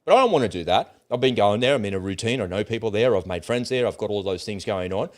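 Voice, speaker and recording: A man in middle age holds forth in a casual, blunt monologue. His voice sits fairly low, and he tells his story with lively, animated swings and the odd curse. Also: fast. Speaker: host of political commentary channel.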